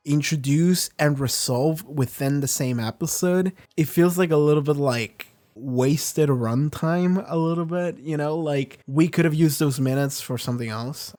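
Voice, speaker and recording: A man talks through his thoughts on an episode in a loose, rambling way, swearing casually and restarting his sentences. His voice sits at an ordinary middle pitch for a man. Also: darkish tone. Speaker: reaction video host. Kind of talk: casual spoken review.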